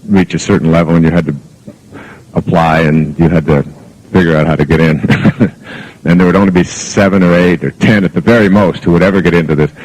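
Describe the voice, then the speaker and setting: Older man, very deep voice, motivational talk, rambling anecdotal storytelling. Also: darkish tone, poor audio. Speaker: motivational speaker.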